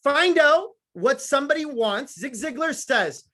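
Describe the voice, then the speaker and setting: A man's voice: very high-pitched, animated, measured pace, bright, forceful tone. A man giving a blunt, profane, fired-up motivational talk to a sales team, with punchy repeated phrases and teasing remarks to the audience. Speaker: motivational speaker.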